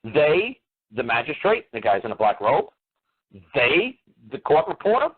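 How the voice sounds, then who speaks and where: A man's voice: mid-range voice, huge pitch swings, moderate pace, husky. A man lecturing on a call-in radio show, combative and blunt, hammering listeners with repeated rhetorical questions and swearing. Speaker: radio talk show host. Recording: tinny phone-line radio audio.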